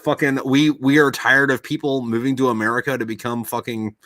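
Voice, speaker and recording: A man's voice: medium pitch, level tone, a little fast, fairly bright tone, no echo. A man in casual podcast chat, rambling and swearing a lot, with many fillers. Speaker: podcast host.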